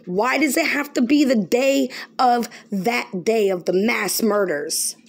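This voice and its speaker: A woman vlogger giving an emphatic, preachy monologue, often pausing to ask "okay?". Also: on the high side. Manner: emphatic, repetitive, keeps asking okay. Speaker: spiritual vlogger.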